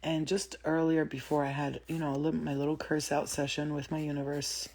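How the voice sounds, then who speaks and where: A woman's voice: sits low, brisk, breathy edge. A woman hosting a spiritual livestream, talking bluntly and with lots of swearing, greeting viewers as she goes. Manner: blunt, profane and animated, greeting viewers mid-talk. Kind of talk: casual livestream talk to viewers.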